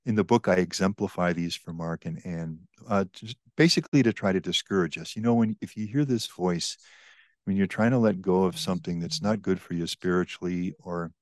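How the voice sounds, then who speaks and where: An older man, a priest and author, explaining spiritual teaching on a podcast in a measured, reflective, earnest way. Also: low-pitched, dry recording.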